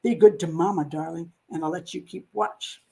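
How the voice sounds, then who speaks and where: Woman reading out a creepy grown man, low and soft and wheedling, pretty menacing. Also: normal speed, creaky. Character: menacing adult man coaxing and threatening boys.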